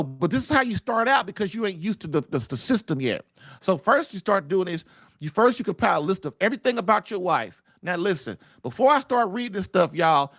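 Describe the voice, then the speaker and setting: A man's voice: high-pitched, a bit bright, no echo, clean studio sound. A middle-aged man hosting a live call-in show, giving marriage advice to men in a casual, repetitive, colloquial way and calling his listeners man and dude. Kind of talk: live-stream talk, casual preaching to men.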